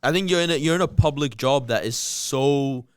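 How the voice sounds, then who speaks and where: A man's voice: mid-range voice, normal speed, smooth, no echo, clean studio sound. A man co-hosting a podcast in casual chat, telling a story in a laid-back way. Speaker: podcast co-host.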